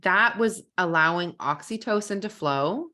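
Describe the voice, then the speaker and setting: A woman with a slightly low voice who teaches kindergarten, presenting a live parenting masterclass online. She tells her classroom stories earnestly and often repeats a word while gathering her thoughts. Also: lively intonation, a little slow, sharp tone. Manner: earnest, storytelling, repeats words while thinking.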